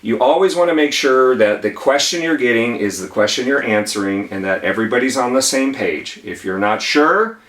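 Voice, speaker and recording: Male attorney, mid-pitched and emphatic, teaching in an echoey room, mic set back. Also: expressive, normal speed, few pauses, a bit bright, recorded from a distance. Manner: emphatic, conversational, repeats key phrases. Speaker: attorney teaching legal tips. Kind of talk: whiteboard lesson. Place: room with whiteboard. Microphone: camera mic at a distance.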